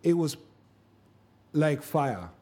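A man co-hosting a casual podcast, telling animated stories and acting out the quotes in them. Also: a little high, extremely slow. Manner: animated storyteller, acts out quotes. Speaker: podcast co-host.

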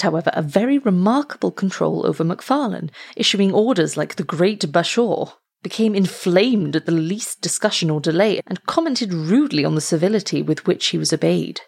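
A woman reading a story aloud as narrator, in a steady, measured way. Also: on the low side, creaky, breathy edge. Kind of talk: audiobook reading.

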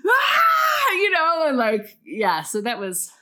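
A woman in casual chat, telling an animated story with lots of swearing and fillers. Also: a little high, measured pace, shouting, slight background noise.

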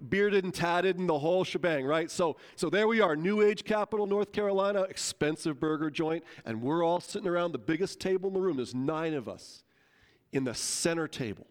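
A man preaching a sermon, telling a story in a lively, conversational way and acting out the quotes. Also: on the high side, fairly quick. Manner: animated, conversational, acts out quotes. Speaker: pastor.

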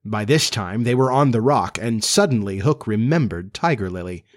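Man, storybook narrator, measured, steady reading. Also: lowish voice.

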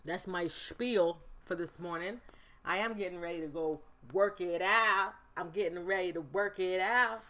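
A woman, hosting a casual solo podcast from home and telling stories with big, animated jumps in pitch. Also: moderate pace. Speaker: podcast host.

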